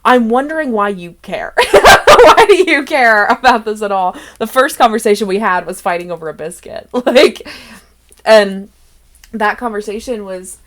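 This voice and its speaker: A young woman who runs the game chats loosely about past sessions, her thoughts tumbling out with frequent giggles. Her voice sits at an ordinary middle pitch and her talk drifts easily from one memory to the next. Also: moderate pace, fairly bright tone. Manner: rambling, giggly, laughs often between thoughts. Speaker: game master and host. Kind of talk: casual chat about a tabletop campaign.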